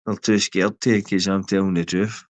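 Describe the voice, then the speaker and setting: Deep-voiced and at a moderate pace, a man from Glasgow keeps his pitch fairly steady as he rants aggressively at a rival on a livestream. He speaks with a Glaswegian Scottish accent, taunting and swearing, and there's no echo.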